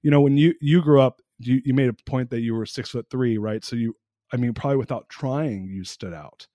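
A man's voice: mid-range voice, brisk, no room sound. Chatty man host with a dry sound. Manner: animated, chatty, with many fillers. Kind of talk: casual interview talk.

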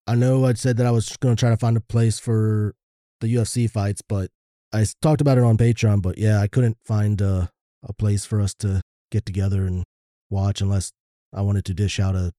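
A man's voice: fairly low pitch, steady tone, normal speed, dark tone, no echo, clean studio sound. A man co-hosting a casual podcast, laid-back, with wry asides. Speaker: podcast co-host.

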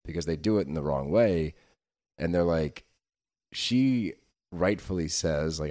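Very deep-voiced man in heated casual chat. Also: animated, a little slow, darkish tone. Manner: heated, sweary, laughs easily. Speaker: podcast co-host. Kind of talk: casual chat recapping a reality show.

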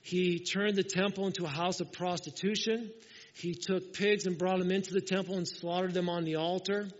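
A high-pitched man preaches a sermon, telling the story with life and acting out the voices of the people in it. His voice rings through a big hall with a long tail of reverb. The sound is slightly dull and muffled. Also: normal speed. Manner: lively storytelling, acting out quoted lines. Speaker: pastor.

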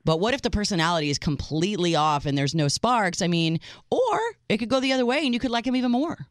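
Woman co-host on call-in radio, bouncy animated voice, laughs a lot, dry mic. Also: mid-range voice, quick pace, no echo. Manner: lively, laughs easily.

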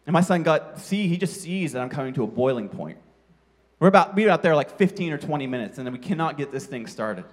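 High-voiced man telling a story from the pulpit. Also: brisk. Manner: animated storyteller, sound effects, self-mocking. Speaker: pastor. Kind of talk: sermon with a personal story.

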